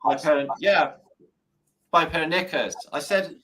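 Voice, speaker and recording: A man's voice: on the high side, brisk, sharp tone, a little hiss or hum. A man hosting a live stream, chatting casually, swearing freely and telling dad jokes. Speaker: livestream host.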